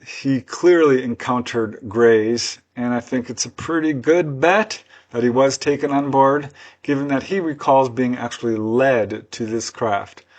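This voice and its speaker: A man's voice: medium pitch, unhurried. A man presenting case studies as a researcher, telling each story in an earnest, conversational way with personal asides. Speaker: UFO researcher and author presenting cases. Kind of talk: unscripted storytelling narration.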